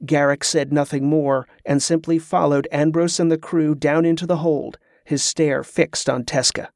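A man narrating an adventure novel in an even, measured storytelling manner. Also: on the high side, dry recording, clean studio sound. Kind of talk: audiobook narration.

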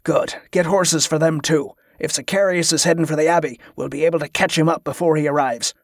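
A man's voice: fairly high pitch, fairly even intonation, a little fast, dry recording, clean studio sound, natural voice. A man playing a blunt, bullying male ringleader who growls orders with scorn. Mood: gruff commanding. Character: gruff bullying male schemer, a leader.

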